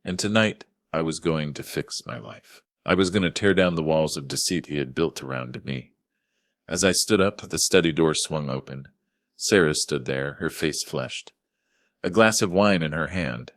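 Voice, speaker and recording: An older man narrating a scripted first-person story in a measured, grave manner. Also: rumbling low, dry recording, clean studio sound.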